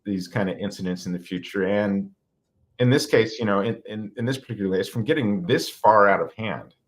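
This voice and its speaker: A man's voice: lowish voice, a little fast. A man co-hosting a business podcast, giving background in a conversational way and putting questions to his co-hosts. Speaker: podcast co-host. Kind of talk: casual podcast discussion.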